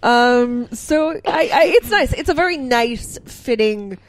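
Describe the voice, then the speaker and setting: A woman with a slightly high voice chats casually on a podcast. She sounds a little hoarse from bronchitis. Her opinions are dry, low-key and hedged. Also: expressive, takes it slowly. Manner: dry, understated, hedging. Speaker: podcast co-host. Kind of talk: casual movie discussion.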